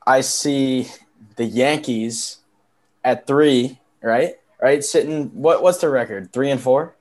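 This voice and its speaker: A man's voice: mid-range voice, takes it slowly. Sarcastic man venting on a podcast. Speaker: podcast co-host. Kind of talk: casual sports podcast chat.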